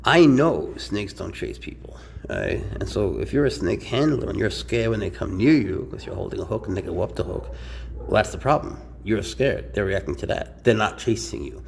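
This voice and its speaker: A man casually explaining and handling his snakes in a relaxed, rambling vlog indoors. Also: fairly low pitch, normal speed, gravelly, a little hiss or hum. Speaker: reptile keeper. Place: warm indoor room with high ceilings.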